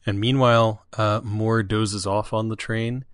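A man's voice: lowish voice, a little slow, no room sound, clean studio sound. A man co-hosting a podcast, casually talking through a TV episode. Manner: relaxed and conversational, with short agreeing remarks. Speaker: podcast co-host. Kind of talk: casual chat recapping a TV episode.

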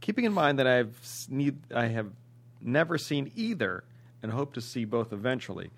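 A man co-hosting a podcast, chatting casually and reading out listener emails, quick to laugh. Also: mid-range voice, sing-song, creaky.

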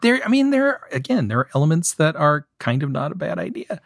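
A man's voice: fairly high pitch, brisk, vocal fry, no room sound, clean studio sound. Wry, critical man in a podcast chat. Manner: wry and critical, mimicking lines in a lively, mocking voice. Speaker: podcast co-host. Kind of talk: casual chat reviewing an episode.

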